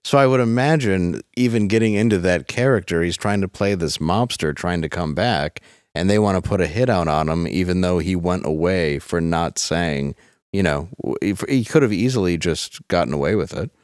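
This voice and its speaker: A man's voice: deep voice, moderate pace, smooth, no room sound, studio quality. A man co-hosting a podcast, chatting casually and joking with restarts. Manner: lively, jokey, restarts often. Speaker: podcast co-host. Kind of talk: casual chat.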